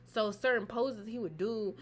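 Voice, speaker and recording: A woman's voice: on the high side, moderate pace. A woman casually telling a personal story on her vlog, loose and profane, with plenty of fillers. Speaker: storytime vlogger.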